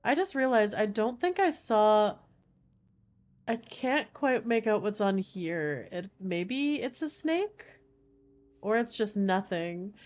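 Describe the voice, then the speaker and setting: A woman's voice: mid-range voice, expressive, slow, darkish tone. A woman chatting casually as she streams a game, rambling with lots of filler words.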